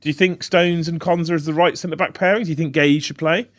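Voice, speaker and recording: A man's voice: on the high side, fairly even intonation, fast, a bit bright. A man co-hosting a casual football podcast, teasing and giggling at his friend. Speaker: podcast co-host.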